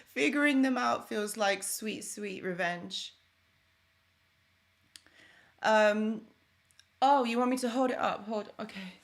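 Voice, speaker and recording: A woman's voice: a little high, slow pace, gravelly, pauses often. Young woman chatting live to viewers, friendly, talks loose and casual, keeps thanking people by name. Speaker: live stream host. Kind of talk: casual live stream chat.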